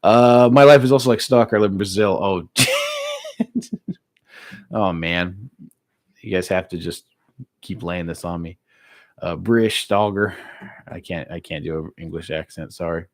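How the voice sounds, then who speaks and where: An American man casually chatting with his live-stream viewers, relaxed and laughing easily, with plenty of filler words. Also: low-pitched, normal speed, pauses often, no echo. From United States. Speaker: streamer reading live chat.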